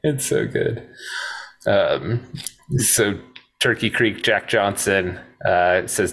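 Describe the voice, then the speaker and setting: A man's voice: lowish voice, extremely slow, fairly bright tone. A man co-hosting a casual movie podcast, retelling film scenes step by step and laughing often. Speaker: podcast co-host.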